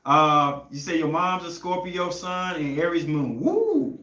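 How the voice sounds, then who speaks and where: A man's voice: fairly high pitch, fairly even intonation, measured pace, sharp tone, reverberant. A young man hosting a podcast, telling a story in a loose, rambling way and searching for words. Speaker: podcast host. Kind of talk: casual storytelling chat.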